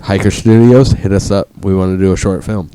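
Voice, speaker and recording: A young man co-hosting a podcast, a bit tipsy, telling rambling profane stories with sudden loud bursts. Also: sits low, fairly even intonation, fairly quick, slight background noise. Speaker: podcast co-host. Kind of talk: casual chat.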